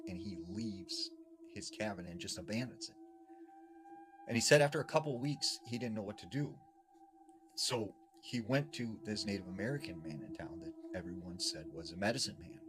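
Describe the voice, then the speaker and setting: A man dramatically retelling a scary story, his voice swinging from loud to hushed. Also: lowish voice, background noise.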